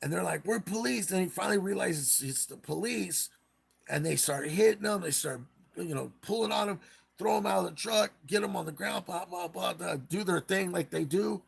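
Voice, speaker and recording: A man's voice: high-pitched, normal speed, creaky, husky. A man hosting a live stream, casually retelling a case in a rambling way and acting out the quotes.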